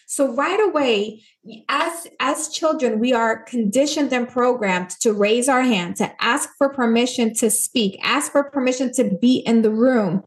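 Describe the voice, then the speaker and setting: This Puerto Rican woman, an author on as a guest, has a voice on the high side and a measured pace. In the casual interview she is earnest and emphatic, performing the voices she quotes.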